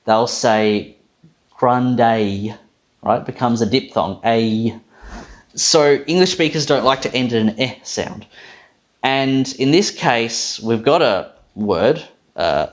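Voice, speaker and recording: A man teaching pronunciation in a casual, think-aloud way, correcting himself as he goes and swearing now and then. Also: medium pitch. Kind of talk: casual phonetics explainer.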